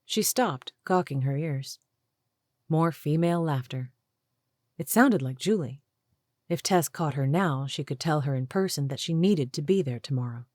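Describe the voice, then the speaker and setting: Low female audiobook narrator, steady and measured, dry close mic. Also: no room sound. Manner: measured, even storytelling. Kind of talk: scripted narration.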